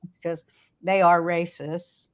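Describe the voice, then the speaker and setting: A woman's voice: fairly low pitch, little pitch movement, takes it slowly. An older woman hosting a casual podcast from a hotel room, telling rambling stories and ranting with plenty of swearing. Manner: rambling, profane, storytelling rant. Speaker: podcast host. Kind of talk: casual chat.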